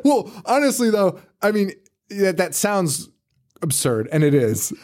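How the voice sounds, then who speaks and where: A man's voice: high-pitched, big pitch swings, a little slow, a little mellow. A man co-hosting a podcast in casual chat, rambling through a story with lots of swearing and frequent laughter. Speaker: podcast co-host.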